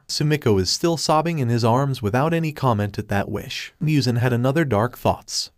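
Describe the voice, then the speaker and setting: A man narrating fan fiction in a flat reading voice, even speaking punctuation aloud. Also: medium pitch, dry recording, clean studio sound.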